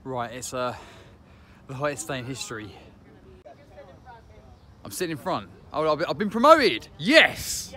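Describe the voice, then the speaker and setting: A man's voice: mid-range voice, big pitch swings, moderate pace, long pauses, crowd noise. A man vlogging a family day out, joking and chuckling at his own lines as he films. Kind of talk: casual vlog chat. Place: outdoors at a park and in a car.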